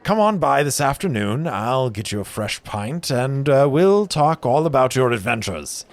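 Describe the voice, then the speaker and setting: A man's voice: big pitch swings, measured pace. A man voicing a jovial, hearty male brewer who greets an old friend effusively. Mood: warm hearty. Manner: booming, effusive.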